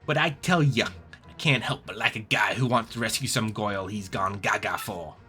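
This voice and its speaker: A man's voice: lowish voice, moderate pace, bright, forceful tone, faint music behind. A man voicing a tough-talking male gangster boss in a video game, with a shifting mob accent. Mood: menacing. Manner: tough-guy mobster drawl, shifting accent.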